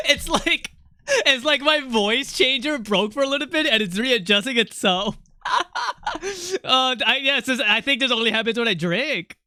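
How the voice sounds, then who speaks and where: Bright voice-changed streamer, excitable. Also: mid-range voice, moderate pace, no room sound. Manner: excitable, rambling, laughs often, reacts to chat. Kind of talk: casual livestream chat while gaming.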